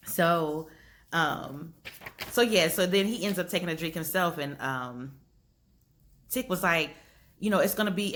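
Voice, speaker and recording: A woman's voice: fairly low pitch, pushed and bright. A woman chatting casually through a TV episode recap, animatedly acting out the characters' lines. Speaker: recap host.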